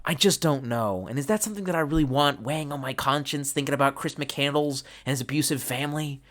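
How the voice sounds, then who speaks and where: Tipsy home streamer who rambles and swears freely; bright, forward tone. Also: mid-range voice, quick pace. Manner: rambling, profane and loose. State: tipsy from drinking. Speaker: livestream host reading chat. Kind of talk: casual rambling live chat. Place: at home at a desk.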